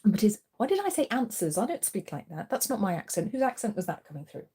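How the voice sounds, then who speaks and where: A woman's voice: medium pitch, very animated, quick pace, dark tone, breathy edge. A woman hosting a live tarot reading, chatty and reassuring, encouraging listeners in a casual spoken style. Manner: coos to her cat in a playful voice. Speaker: tarot reader and channel host.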